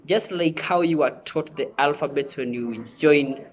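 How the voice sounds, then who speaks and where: A man's voice: fairly high pitch, unhurried. A man teaching a televised lesson, repeating himself and often checking that viewers follow. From Kenya. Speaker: sign language teacher.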